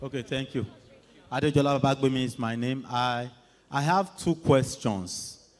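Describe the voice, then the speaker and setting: A man's voice: mid-range voice, moderate pace. A man with a Nigerian English accent, an audience member who stumbles and corrects himself while asking a question. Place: large conference hall. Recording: long hall reverb.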